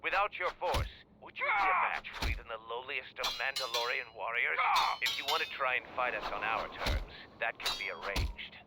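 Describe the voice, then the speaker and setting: A stern Mandalorian battle commander. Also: male voice, mid-range voice, very animated, brisk, heavy background noise. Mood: proud. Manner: formal, proud, lecturing. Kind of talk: video game voice acting. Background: game music.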